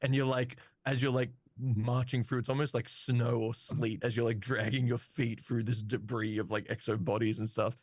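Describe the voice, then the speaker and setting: A man's voice: mid-range voice, level tone, normal speed, few pauses, no echo. A man narrates as game master, feeling his way through scenes with plenty of ums and likes. His voice sits mid-range and the sound is dry and close, like a home mic on a voice chat. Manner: loose, hesitant narration full of fillers.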